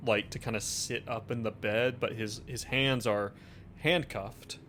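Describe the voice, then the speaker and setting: Slow-talking male game master. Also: medium pitch, steady tone, fairly bright tone, a little hiss or hum. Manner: loose, filler-heavy description. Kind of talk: narrating a tabletop game.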